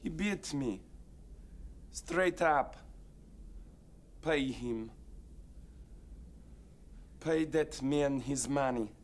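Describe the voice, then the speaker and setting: An actor playing a furious adult Russian poker boss with a Russian accent, yelling in a shrill, explosive voice from a film clip. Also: male voice, very slow, pauses often. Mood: enraged. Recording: dull, quiet film clip played back.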